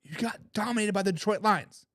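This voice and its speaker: A man's voice: sits high, brisk, fairly bright tone, dry recording, clean studio sound. A man hosting a sports talk show, mocking and trash-talking fans in a rant while he reads live chat comments. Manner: mocking, trash-talking, repeats words when fired up.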